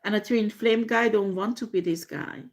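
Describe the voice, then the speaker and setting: A woman reading tarot in a slow, halting way, with many fillers and frequent laughter. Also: mid-range voice. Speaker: tarot reader.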